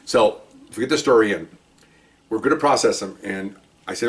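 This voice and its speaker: An older man, a retired police officer, casually telling anecdotes, animated and chuckling, talking in fits and starts. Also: fairly low pitch, moderate pace, pauses often, distant mic.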